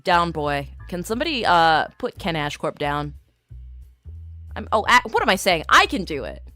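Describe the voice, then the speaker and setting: A woman's voice: fairly low pitch, normal speed, soft background music. A young woman streamer casually telling an exasperated travel story, acting out the voices of the people she met. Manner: animated, exasperated storytelling with acted-out dialogue.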